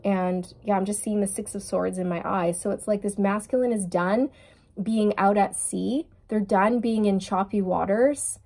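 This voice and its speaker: Woman doing a tarot reading for her viewers, chatty and gushy, normal mid-pitched voice. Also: moderate pace. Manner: gushing, excitable, speaks straight to viewers. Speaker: tarot reader.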